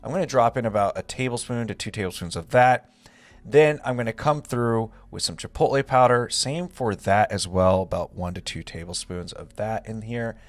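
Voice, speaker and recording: A young man talks through a home recipe step by step, relaxed and chatty. His voice moves a lot in pitch, and the sound is dry and close, with no room echo. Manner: relaxed, step-by-step instructions with frequent "gonna go ahead". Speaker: home cook and channel host. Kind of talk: casual cooking walkthrough. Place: home kitchen.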